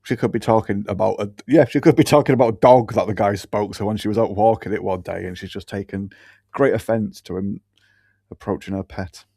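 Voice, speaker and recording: Laid-back man, lowish voice. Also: steady tone, brisk, creaky, warm tone, slightly rough, no echo. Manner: laid-back, dry, swears casually. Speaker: podcast co-host. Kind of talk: casual podcast chat.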